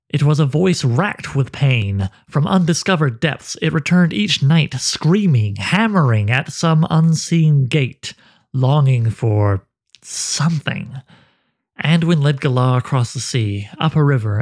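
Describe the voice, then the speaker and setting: A man narrating a dark fantasy story with a measured, dramatic delivery. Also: mid-range voice.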